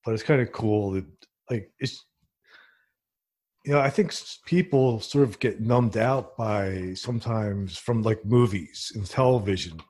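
A man from New Jersey hosting a casual podcast interview, rambling in a relaxed way. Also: fairly low pitch, unhurried. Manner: relaxed, rambling, many fillers. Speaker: podcast host.

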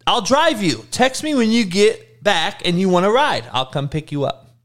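A man's voice: high-pitched, expressive, moderate pace. A man mocking a sing-song coddling parent. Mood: doting. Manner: gentle, overly patient, sing-song. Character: soft-spoken modern coddling parent.

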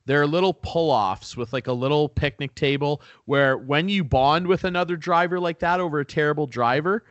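A man's voice: fairly high pitch, moderate pace, fairly bright tone, dry recording, dull audio. A man from Canada telling a driving story in casual chat, ranting and swearing freely.

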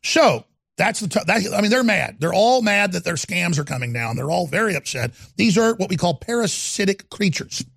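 Gravelly ranting male talk host. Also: lively intonation, dry recording, clean studio sound. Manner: ranting, sneering, bursts of loud emphasis; fast product pitching. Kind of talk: heated political talk.

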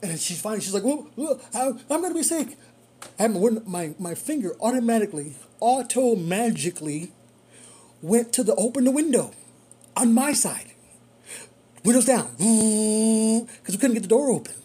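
A rideshare driver telling a story in casual monologue, animated and repeating phrases for emphasis. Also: mid-range voice, moderate pace, husky.

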